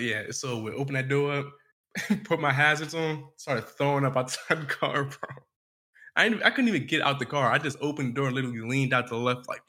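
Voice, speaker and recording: A man's voice: medium pitch, sharp tone. A man co-hosting a podcast, telling a story in laid-back casual chat, full of slang and swearing. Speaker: podcast co-host.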